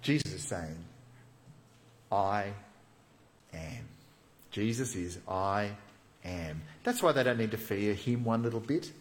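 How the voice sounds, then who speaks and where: A man preaching a sermon, animated and acting out the voices of the people in the passage he reads. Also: fairly low pitch, moderate pace. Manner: animated, acts out quoted voices.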